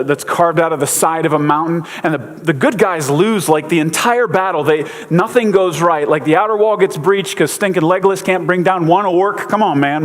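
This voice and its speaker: A man giving a casual sermon, a chatty, joking storyteller with lots of fillers. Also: on the high side. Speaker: pastor. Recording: long hall reverb.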